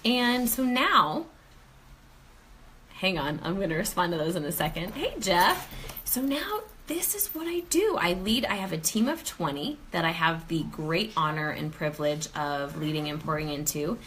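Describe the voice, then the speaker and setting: A chatty woman hosting a live stream from her home, her fairly low voice rising and falling a great deal. Her tone is bright and forward, and she greets viewers one after another with quick laughs. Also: lively intonation, slight background noise. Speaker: host of a live sales stream. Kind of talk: casual live-stream chat. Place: home, near the kitchen.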